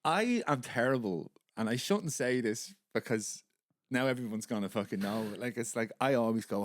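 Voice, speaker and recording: A man's voice: medium pitch, normal speed, dry recording, clean studio sound. A middle-aged Irish man chatting as a podcast guest, laughing easily and swearing. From Ireland. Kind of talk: casual chat.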